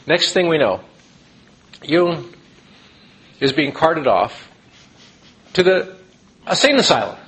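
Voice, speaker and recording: A man gives an animated storytelling lecture, breaking off and restarting as he explains. His voice sits slightly high for a man and moves lively up and down. He talks to his listeners with plain, unpolished asides. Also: takes it slowly, pauses often, slightly rough, poor audio.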